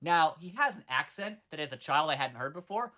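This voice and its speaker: Bright, sarcastic thirty-something podcast host. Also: medium pitch, expressive, a little fast. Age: 30s. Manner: rambling, profane, sarcastic. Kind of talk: casual movie recap chat.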